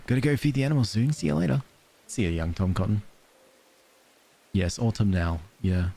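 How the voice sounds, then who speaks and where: A man's voice: medium pitch, animated, fast talker, creaky, mellow, husky. A man streaming a cozy game, chatting casually and giggling while reading game letters aloud. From Australia. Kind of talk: casual let's-play chat.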